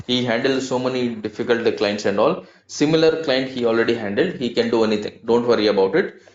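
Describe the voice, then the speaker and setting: A man's voice: medium pitch, fairly quick. An Indian man with a mid-range voice gives a training lecture, earnest and repetitive. His speech sounds roomy and echoey. The lo-fi recording makes the audio dull. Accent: Indian English. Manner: earnest, repetitive advice-giving. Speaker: SAP finance trainer.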